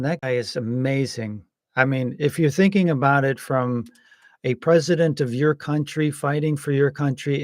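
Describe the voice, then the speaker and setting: A man giving casual, rambling political commentary, hesitant with many pauses and some wry jokes. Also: a little high, darkish tone, no room sound, clean studio sound. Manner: wry and joking.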